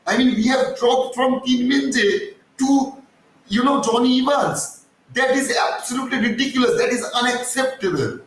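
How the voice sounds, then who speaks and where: A man rants through a live-stream fan commentary in a fairly high voice, swearing and then apologizing for his heat. He sounds set back from the mic in a very echoey space with a faint hiss underneath. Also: a little slow, distant mic. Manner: heated, ranting, swears, apologizes for getting hyper. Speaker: fan channel host.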